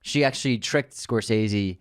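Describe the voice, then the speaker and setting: A man co-hosting a casual film podcast, chatty and quick to tell anecdotes. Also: fairly low pitch, dry recording, clean studio sound. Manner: chatty, tells anecdotes with laughs. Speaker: podcast co-host.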